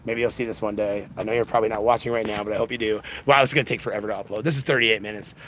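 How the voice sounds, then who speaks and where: A man's voice: on the low side, fairly even intonation, racing, fairly bright tone, a little hiss or hum. An exhausted man hosting a casual livestream, rambling with lots of restarts, recorded on a phone. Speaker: livestream host.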